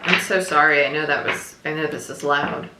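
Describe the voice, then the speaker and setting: A woman's voice: low-pitched, normal speed, reverberant, background noise. A woman giving a casual tarot reading, chatty and repetitive, often saying "like" and "right?", talking around a piece of gum. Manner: chatty, repeats herself, frequent "like" and "right?". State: chewing gum while talking. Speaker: tarot reader.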